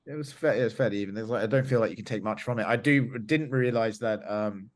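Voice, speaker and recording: A man co-hosting a casual sports podcast, relaxed and ribbing the others. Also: lowish voice, fast.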